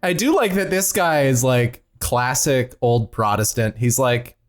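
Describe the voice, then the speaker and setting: A man's voice: medium pitch, unhurried. Sarcastic male podcast co-host. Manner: sarcastic, deadpan jokes. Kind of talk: casual comedic chat.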